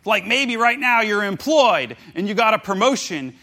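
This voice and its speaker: A man preaching a casual sermon, retelling a story in an animated, jokey way and briefly acting out the people in it. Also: sits high, moderate pace.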